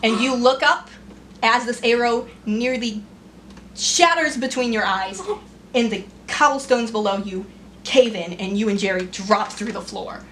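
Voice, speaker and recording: A woman narrating as game master of a tabletop game, describing scenes quickly with fillers. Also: a little high, a bit bright, slight background noise.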